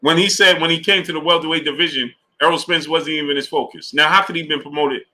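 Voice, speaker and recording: Animated, bright-voiced man hosting a live stream. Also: on the high side, fast talker. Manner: animated, talks to chat viewers by name. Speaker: sports live-stream host. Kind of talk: casual live-stream commentary.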